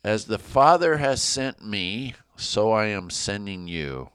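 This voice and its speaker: A man voicing a calm, gentle risen teacher. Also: fairly low pitch, slow, clean tone, dry recording, clean studio sound, exaggerated voice.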